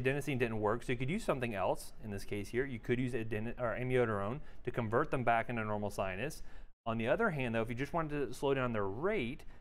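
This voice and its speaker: A man giving an exam review lecture in a casual, joking way, quizzing his students. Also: mid-range voice. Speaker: pharmacology lecturer.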